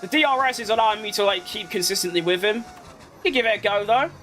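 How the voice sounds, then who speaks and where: A man giving live commentary over his racing game, excitable and quick to shout at close calls, with casual swearing. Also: high-pitched, a little hiss or hum. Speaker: gaming creator.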